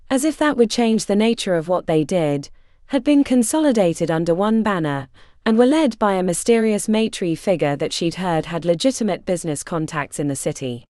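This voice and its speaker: A woman narrating a fantasy audiobook in a measured, expressive storytelling manner, close to the mic. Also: on the low side, no room sound. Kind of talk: scripted narration.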